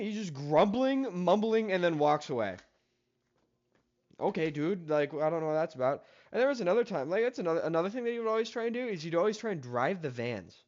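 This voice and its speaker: A man's voice: fairly high pitch, dull audio. A young man telling a casual story about a coworker in a rambling, exasperated way, with plenty of swearing. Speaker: story-time vlogger.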